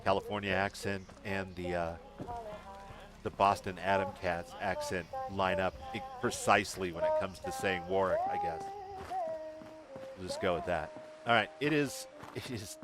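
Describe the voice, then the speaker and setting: A man streaming a game, chatting casually and joking as he plays. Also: low-pitched. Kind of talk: casual gameplay commentary. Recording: voice over game music.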